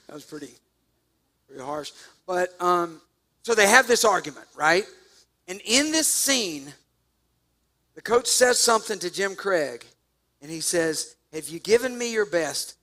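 A man preaching a sermon, telling a story with jokes and sudden loud bursts. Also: sits high. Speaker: pastor.

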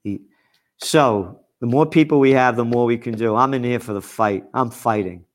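A man from the Bronx, hosting an angry, profane commentary monologue with frequent shouting. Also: mid-range voice, moderate pace. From New York (the Bronx). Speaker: host and trend forecaster.

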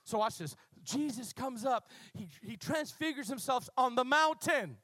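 High-voiced preaching man, dry close sound. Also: lively intonation, normal speed, no room sound. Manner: passionate preaching, swinging from loud bursts to low quiet asides; calls on the congregation to repeat words. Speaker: pastor. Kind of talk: sermon.

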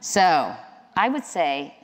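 A woman's voice: fairly low pitch, big pitch swings, slow, very noisy. A middle-aged woman interviewing a guest onstage, conversational with wry asides. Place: large hall with audience. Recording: long hall reverb.

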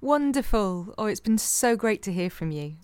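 A woman's voice: medium pitch, animated, normal speed, a little mellow, clean tone, dry recording. Woman interviewer, dry close sound. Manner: brief, encouraging interjections. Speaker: podcast interviewer.

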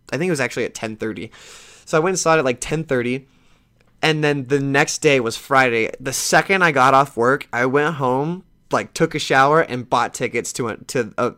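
A man hosting a podcast, telling a long casual story that rambles, restarts and swears a little, and livening up as he retells conversations. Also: medium pitch. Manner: lively when retelling conversations. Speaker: podcast host.

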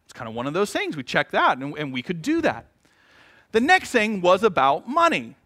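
Male pastor, middle-aged, high bright voice, animated storytelling with jokey asides. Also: normal speed. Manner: storytelling with humorous asides and acted-out quotes. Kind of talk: sermon.

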